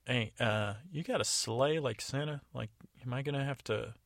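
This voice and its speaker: A man's voice: mid-range voice, moderate pace, gravelly, a bit bright, no echo, studio quality. A man voicing a frazzled, overwhelmed female Tooth Fairy in a storytelling podcast, fretful and flustered. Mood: puzzled.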